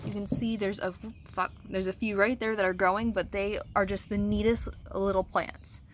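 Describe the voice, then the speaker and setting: A woman's voice: mid-range voice, flat delivery, normal speed, slight background noise. A woman vlogger giving a casual, enthusiastic tour of her porch plants, gushing and swearing casually, recorded outdoors on a handheld camera. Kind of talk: casual garden tour vlog.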